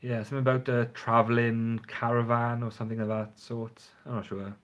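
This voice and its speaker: A man's voice: medium pitch, little pitch movement, fairly quick, fairly bright tone. A man chatting casually and frankly on a phone livestream, rambling and swearing now and then. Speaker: fragrance reviewer. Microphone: phone front camera.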